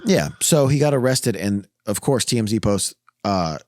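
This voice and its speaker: A podcast co-host with a fairly low voice and lively intonation rants heatedly and swears often while chatting casually at normal speed. The recording from the podcast studio is dry and clean.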